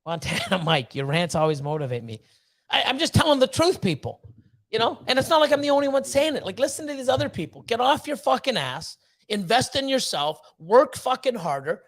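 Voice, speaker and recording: Man, high voice, blunt, swearing a lot, fired-up livestream rant. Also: sing-song, fairly quick. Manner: blunt, profane, fired-up motivational ranting. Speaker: snake breeder hosting a livestream.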